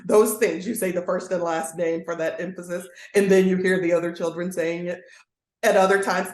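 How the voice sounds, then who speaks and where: Woman educator talking earnestly, kinda low voice, roomy echo around her. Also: fairly even intonation, a little fast, a little mellow. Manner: earnest, acts out quoted voices. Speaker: guest educator. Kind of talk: conversational interview. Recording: roomy echoey sound.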